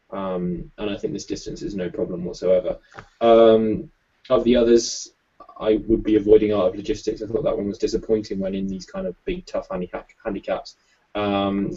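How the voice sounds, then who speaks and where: A man giving his views as a pundit in a casual chat, hesitant and halting. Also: on the low side, mellow, breathy edge. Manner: hesitant, full of ums and restarts. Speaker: panel pundit. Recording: muffled lo-fi recording.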